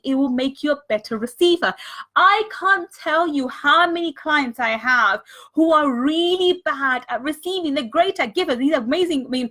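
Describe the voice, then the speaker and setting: High-voiced woman coaching a live stream. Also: a bit bright. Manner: earnest, repeats words for emphasis; greets viewers and thanks them mid-talk. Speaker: money mindset coach.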